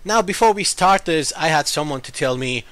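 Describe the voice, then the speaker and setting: This man's fairly high, animated voice has a fairly bright tone and moves at a moderate pace, recorded with no echo. He's a talkative gaming YouTuber whose unusual mixed accent viewers remark on, and in his casual commentary he explains at length and defends himself.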